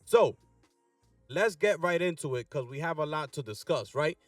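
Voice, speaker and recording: A man hosting a gaming news channel, reading articles aloud with energetic hype and frequent "right?" asides. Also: a little high, moderate pace, dry recording, distant mic, faint music behind. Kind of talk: casual commentary reading articles.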